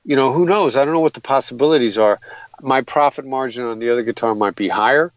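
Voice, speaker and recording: A man's voice: medium pitch, quick pace, no echo, muffled recording. A man explaining negotiation tactics in an interview, earnest and methodical, often restarting his sentences. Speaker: guest, hostage negotiator.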